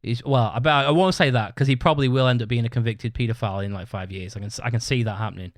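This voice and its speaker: A man's voice: mid-range voice, racing, no echo. Sweary, rambling British man telling a story. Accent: British English. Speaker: podcast host. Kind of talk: casual storytelling monologue.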